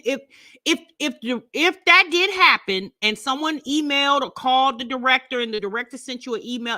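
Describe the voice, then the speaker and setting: A woman reaction host gives blunt, sarcastic commentary. Her voice is bright and forceful. The recording is dry and close, with no room sound. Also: a little high, no echo.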